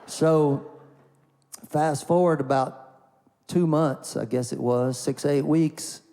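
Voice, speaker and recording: Country songwriter, male, folksy and rambling talker with a somewhat high voice, long reverb, faint guitar underneath. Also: fairly even intonation, slow pace, warm tone. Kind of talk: storytelling before an acoustic song.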